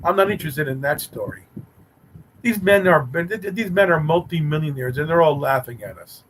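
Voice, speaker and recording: A livestream host with a fairly bright voice on the high side reads chat and teases viewers in a mock-romantic, rambling, playful way at normal speed. The audio is poor, with a little hiss or hum.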